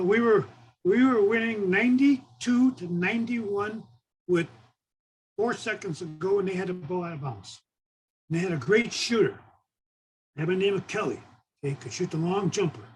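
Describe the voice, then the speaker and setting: A man's voice: high-pitched, normal speed, long pauses, a little hiss or hum, poor audio. An older man, a former coach, tells a coaching story in a conversation and keeps checking in with "okay". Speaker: former assistant coach, guest.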